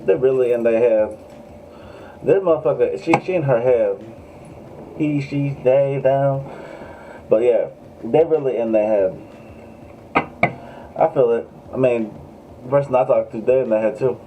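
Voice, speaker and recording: A man's voice: medium pitch, measured pace, long pauses, phone-quality sound, a little hiss or hum. Chatty man giving a casual tarot reading. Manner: chatty, joking, swearing, addresses viewers. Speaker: tarot reader.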